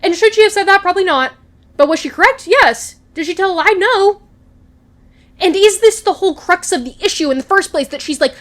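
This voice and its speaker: A woman's voice: very high-pitched, fairly quick. A young woman vlogger chatting casually and gushing as she recaps a TV episode, slipping into quoted lines. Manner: gushing, animated, quotes characters in voices.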